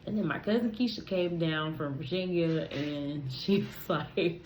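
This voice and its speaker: A woman's voice: low-pitched, a little slow, a little mellow, slight background noise, low-quality recording. A young adult woman hosting a podcast, chatting casually and expressively, talking straight to her listeners and laughing easily. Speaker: podcast host. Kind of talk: casual solo podcast chat.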